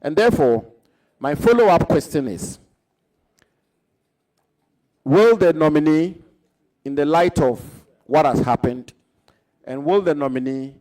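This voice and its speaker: A man with a Ghanaian accent questioning a minister nominee at a parliamentary hearing, in a formal, deliberate way. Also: a little high, lively intonation, dark tone, rough recording. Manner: formal, deliberate, quotes records. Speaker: committee member questioning a nominee.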